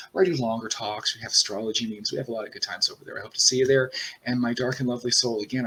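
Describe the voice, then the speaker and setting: A man's voice: mid-range voice, sharp tone, breathy edge, low-quality recording. A man giving a casual tarot reading straight to the viewer, rambling and reassuring as he talks. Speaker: tarot reader.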